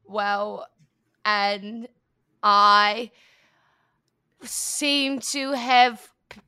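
A woman voicing a rambling homesteader pitching a product, who says "well" again and again through a lisping impediment. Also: extremely slow, bright, forceful tone, clear, resonant tone, no echo, studio quality. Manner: repeats "well" over and over, with a lisping, mumbly impediment.

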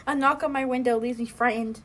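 A woman's voice: on the high side, steady tone, a little fast, a bit bright. A young woman reading her own old story aloud for laughs, often breaking into giggles. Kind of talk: comedic dramatic reading with laughter.

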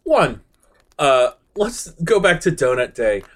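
A man's voice: mid-range voice, very animated, slow. A man co-hosting a podcast in casual chat, playful and jokey. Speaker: podcast co-host.

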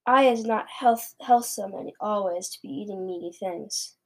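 A woman's voice: medium pitch, normal speed, creaky, darkish tone. A woman reading aloud and voicing a big, kindly male giant who speaks earnestly in mangled grammar. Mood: pleading.

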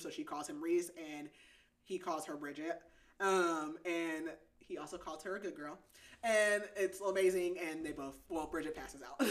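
A woman hosting a podcast, casually recapping a romance novel with lots of "like" and frequent giggles. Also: lowish voice. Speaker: podcast host. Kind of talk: casual book recap chat.

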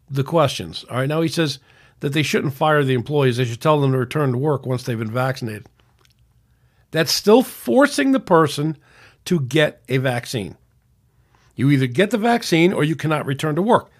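A man in his sixties speaks his mind on his own podcast, in a voice pitched a little high for a man. He reads out messages and argues back, often stopping to restart a sentence. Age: 60s. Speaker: podcast host. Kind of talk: opinion monologue.

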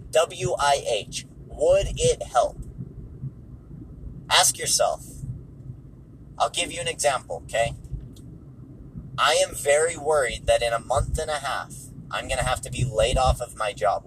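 A man talks over movies in a relaxed, conversational way from behind the wheel of a car. His voice sits at an ordinary middle pitch, and he hammers his points home by saying them again. Faint vehicle noise hums underneath. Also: rough recording. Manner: conversational, repeats points for emphasis. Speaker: movie reviewer. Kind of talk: casual spoken commentary while driving. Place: car on the road.

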